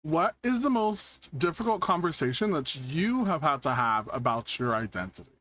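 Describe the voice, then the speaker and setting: A man hosting a casual interview over a video call, asking questions in a lively voice and laughing often. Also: a little high, moderate pace, no room sound. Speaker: interview host.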